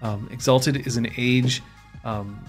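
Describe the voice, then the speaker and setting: A man's voice: medium pitch, steady tone, takes it slowly, over music. A man hosting a tabletop stream, chatting casually with many fillers and restarts. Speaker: game master and stream host. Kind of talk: casual announcement chat.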